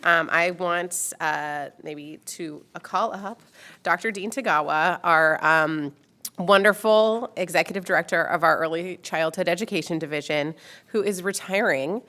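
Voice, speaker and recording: A woman with a deep, low voice leads a formal public board meeting. She talks warmly but haltingly, full of small pauses and fillers. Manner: warm, halting, many fillers.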